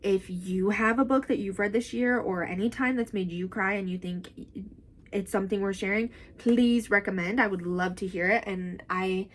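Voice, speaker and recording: A young woman chatting casually about books in a vlog, animated and full of "like". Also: medium pitch, moderate pace, slight background noise. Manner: chatty and animated, with frequent "like" and "y'all". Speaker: book vlogger. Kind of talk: casual book review chat.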